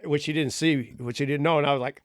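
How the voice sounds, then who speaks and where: A man's voice: fairly high pitch, fairly even intonation, fast talker, no echo, studio quality. A middle-aged man co-hosting a podcast, telling crude stories with lots of swearing and laughter. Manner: rowdy, swearing, laughing storyteller. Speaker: podcast co-host. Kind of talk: crude joking banter.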